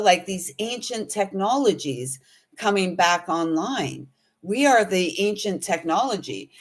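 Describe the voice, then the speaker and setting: A woman hosting a casual spiritual livestream, chatting and rambling while reading viewer comments aloud. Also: medium pitch. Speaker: spiritual host and intuitive reader.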